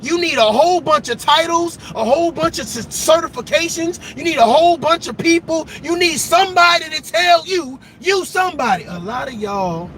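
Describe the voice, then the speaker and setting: High, bright-voiced man preaching self-empowerment. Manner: preachy, repetitive, emphatic, breaks into shouts. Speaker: motivational vlogger. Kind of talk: impassioned motivational speech.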